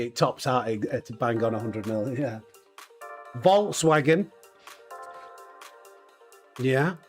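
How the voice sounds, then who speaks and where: A man in his thirties hosting a live gaming stream, cheeky and jokey, laughing often and chatting with viewers. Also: mid-range voice. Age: 30s. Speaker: streamer host. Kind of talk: casual live-stream chat while gaming.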